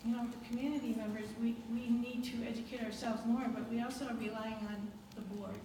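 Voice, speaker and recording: A woman gives an earnest, halting public comment at a town meeting. Her voice sits a little high and carries from a distance. The recording is very echoey and noisy, like a large meeting hall. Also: steady tone, dark tone. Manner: earnest, hesitant, with fillers and restarts. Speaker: resident speaking at public meeting.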